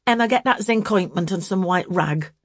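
A woman voicing a hard, sharp-tongued young woman who gives orders. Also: fairly low pitch, sing-song, a little slow, slightly rough, dry recording, studio quality, exaggerated voice. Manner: sharp, commanding.

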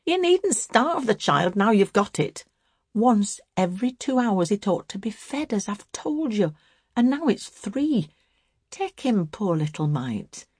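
A woman voicing a hard, sharp-tongued young woman who gives orders. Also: lowish voice, big pitch swings, measured pace, breathy edge, no room sound, clean studio sound, full character voice. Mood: scolding. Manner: sharp, commanding.

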